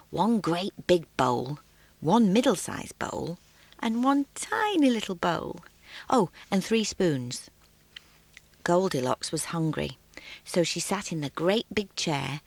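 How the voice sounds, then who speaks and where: A woman reading a fairy tale aloud for children in an expressive, sing-song way. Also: fairly low pitch, no echo. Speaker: storyteller. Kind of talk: children's story narration.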